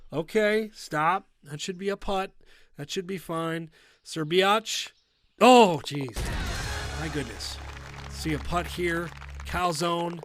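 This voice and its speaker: A man commentating a golf video game tournament, chatty and excitable, breaking into loud outbursts at big shots. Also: high voice, slow. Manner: chatty, personal asides.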